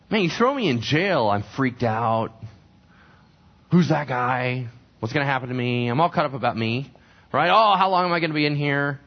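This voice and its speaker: Lively, rather high-voiced male pastor preaching, dull lo-fi recording. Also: breathy edge. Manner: conversational, asks the congregation questions. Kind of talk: sermon.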